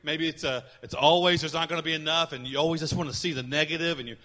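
A man preaching a sermon in a large church, fervent and emphatic, sometimes rising to shouts. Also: fairly high pitch, fairly even intonation, fast talker. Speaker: pastor. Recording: long reverb of a church hall.

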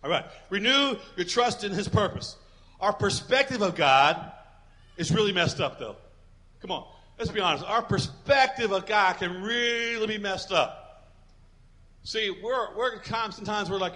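A man preaching a sermon as pastor, building to emphatic declarations and dropping low to act out quoted voices. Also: moderate pace, sharp tone. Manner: acts out quoted voices, dropping to a near whisper.

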